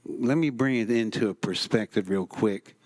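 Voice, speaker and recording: A man's voice: fairly low pitch, moderate pace, a little mellow. A man telling wry, folksy stories on stage at an expo. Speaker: expo speaker. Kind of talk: storytelling on stage.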